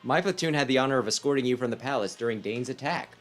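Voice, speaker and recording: A man's voice: mid-range voice, fast talker, soft background music, close to an everyday voice. A man voicing a pompous, overly dramatic male knight with theatrical declarations, reading a game aloud. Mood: grand.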